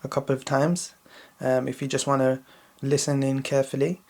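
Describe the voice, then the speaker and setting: A man teaching children to recite a Quran chapter, explaining letter sounds slowly and often checking in with "yeah?". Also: flat delivery. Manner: slow, repetitive explaining with frequent checking "yeah?"; intones Arabic verses louder and higher when reciting. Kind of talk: patient recitation lesson for children.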